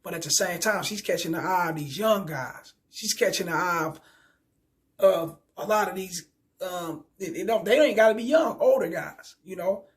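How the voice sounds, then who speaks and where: A young man rants to his viewers in a high voice. His talk is loose and streetwise, heavy with profanity and full of stumbling restarts. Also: moderate pace. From Kansas City, Missouri. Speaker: vlogger. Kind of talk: casual storytelling rant.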